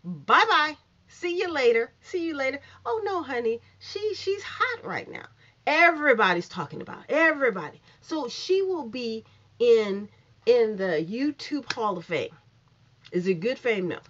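Woman, sassy casual commentary, lively swooping voice, muffled lo-fi sound. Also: a little high, moderate pace. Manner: animated and sassy, swinging from loud to hushed. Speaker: commentary vlogger. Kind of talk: casual opinion monologue. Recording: muffled lo-fi recording.

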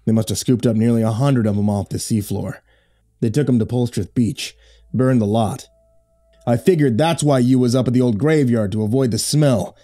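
A man voicing a rough-spoken adult fisherman and town councilor who talks urgently. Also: mid-range voice, normal speed, mellow, close to an everyday voice.

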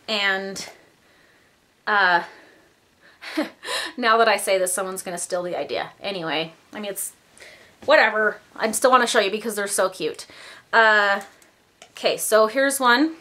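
With a sharp-toned, medium-pitched voice, a young adult woman talks a little slowly and pauses often in her casual vlog. She's chatty and gushing, a bit out of breath, and keeps dropping in "like" and "um."

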